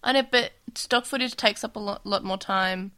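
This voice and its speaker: A woman co-hosting a casual chat review, chatty, summarizing the plot with quick asides. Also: mid-range voice, bright, forceful tone. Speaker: podcast co-host.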